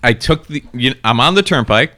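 A man's voice: mid-range voice, animated, moderate pace, sharp tone, no echo, studio quality. A man from South Florida, co-hosting a podcast, telling a rambling and profane story in casual chat. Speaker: podcast co-host.

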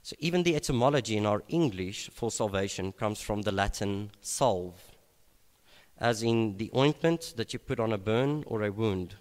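A man preaching a sermon at an evening gathering, unhurried and reflective, with frequent hesitations and restarts. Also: lowish voice, lively intonation, darkish tone. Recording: long reverb of a large hall.

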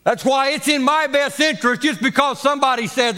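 A man's voice: very high-pitched, fairly quick, hardly any pauses, sharp tone, in a large hall. A man preaching a sermon, leading call-and-response and drawing out his phrases for drama. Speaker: pastor.

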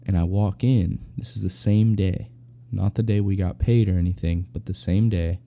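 A young man rambles through a personal story in slangy, filler-heavy talk. His voice is very dark and mellow, sitting low with a gravelly edge. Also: fairly even intonation, normal speed. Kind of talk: casual spoken anecdote.

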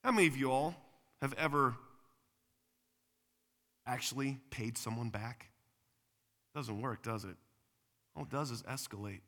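Man, 40s, pastor, sermon, emphatic then hushed, bright tone, long reverb. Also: a little slow, pauses often. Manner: preachy, swings from loud emphatic to quiet and low.

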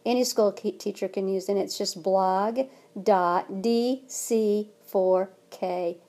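A woman's voice: medium pitch, steady tone, slow pace, mellow. A woman giving child care advice in an interview, earnest and emphatic, acting out little examples as she goes. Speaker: guest, child care trainer.

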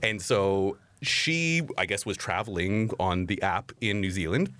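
A man with a Canadian accent, a podcast guest telling a dating story in a chatty, animated way. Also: on the low side, a little slow. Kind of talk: casual storytelling.

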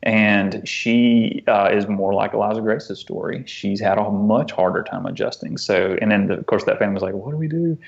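Man, interview guest, low voice, earnest, halting restarts, muffled lo-fi recording. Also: little pitch movement, gravelly. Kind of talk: conversational storytelling.

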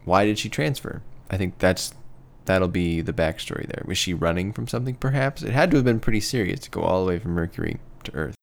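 Deep gravelly man co-hosting a podcast. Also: brisk, few pauses. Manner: thoughtful, hedging, apologetic about pronouncing names. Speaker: podcast co-host. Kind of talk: casual podcast chat.

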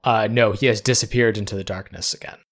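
A man narrating as game master of a tabletop role-playing game, describing scenes in a calm, storytelling way. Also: fairly low pitch, fast talker.

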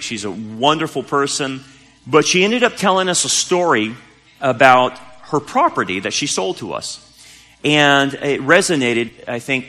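A man's voice: medium pitch, bright, forceful tone. A man preaching a sermon as pastor, telling a story in a casual, conversational way with emphatic rises. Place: church sanctuary. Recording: church hall with long reverb.

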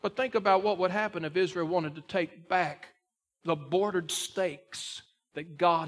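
A male pastor preaching a sermon in a folksy way that builds to loud, emphatic climaxes. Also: high-pitched, fairly even intonation, unhurried.

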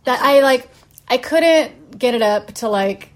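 A woman's voice: a little high, expressive, measured pace. A woman in her late thirties hosting a podcast, telling a story candidly with frequent laughs. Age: 30s. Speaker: podcast host. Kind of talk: casual podcast chat.

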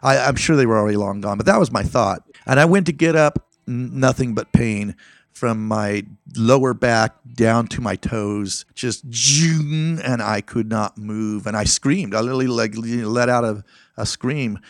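A middle-aged man from Northern California telling a long personal story in a casual interview, acting out what people said with animated outbursts. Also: vocal fry, no room sound. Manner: animated, acts out quotes with sudden high-pitched outbursts. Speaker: interview guest.

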